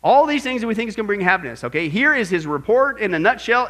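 A male pastor delivering a sermon in a bright, forceful voice. He talks in an animated, joking way and keeps asking his congregation rhetorical questions. His voice sits fairly high. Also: fast.

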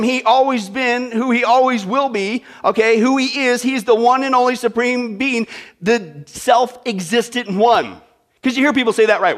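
A man's voice: high-pitched, a bit bright. A male pastor preaching a sermon in a conversational, joking way, checking in with the congregation with "right?" and "okay?".

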